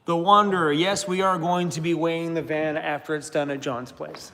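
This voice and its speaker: A middle-aged man chats loosely on a livestream, reading out member names and laughing often. His voice sits a little high for a man, and a long reverb trails his words. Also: steady tone, normal speed, pushed and bright. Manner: chatty, laughs often, talks to his dog. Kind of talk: casual livestream chat.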